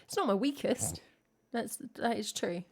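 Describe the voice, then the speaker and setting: A woman's voice: mid-range voice, expressive, darkish tone, breathy edge. A young English woman, a singer-songwriter, chatting casually and joking with her stream chat between songs. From England. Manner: chatty, self-mocking, quick asides to chat. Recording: home stream with piano playing. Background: piano.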